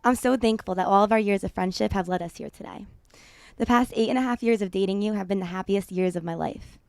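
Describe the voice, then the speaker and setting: A young American bride reads her wedding vows in a tender voice, close to tears. Her voice has a gravelly fry, picked up close and dry. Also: medium pitch, quick pace, a little mellow, no room sound. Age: young adult. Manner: tender, emotional reading. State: teary.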